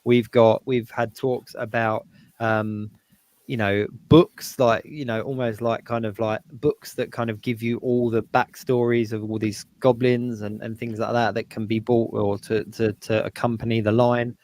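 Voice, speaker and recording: A man with a southern English accent, hosting a live stream in a casual, halting way. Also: mid-range voice, little pitch movement, darkish tone, no room sound. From southern England. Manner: casual, hesitant, many fillers. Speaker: host.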